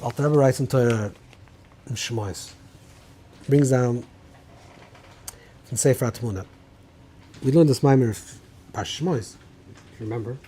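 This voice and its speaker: A man's voice: medium pitch, a little slow, long pauses, mellow, slight background noise. A man teaching a rabbinical class in an informal lecture style, thinking aloud with many restarts and mixing Hebrew terms into English.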